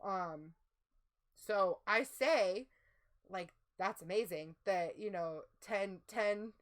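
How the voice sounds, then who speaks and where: A woman co-hosts a livestream, rambling casually and using "like" a lot. Her voice is medium-pitched, and she takes it slowly.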